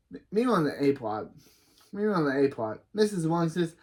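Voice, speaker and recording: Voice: mid-range voice, a little fast, a little mellow. A reaction video host casually retelling a cartoon episode, rambling and restarting sentences.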